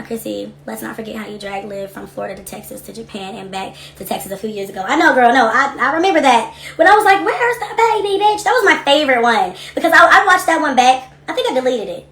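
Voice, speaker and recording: A young adult woman hosting a casual livestream from her home office, reading comments and talking in a blunt, profane, animated way. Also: fairly high pitch, gravelly, echoey room. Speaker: livestream host.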